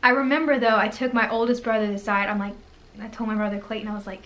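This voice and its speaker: A woman's voice: fairly high pitch, steady tone, fast talker, fairly bright tone. A young woman co-hosting a casual chat, telling a story in a chatty way with lots of "like". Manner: chatty, says "like" a lot, quotes people. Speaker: co-host.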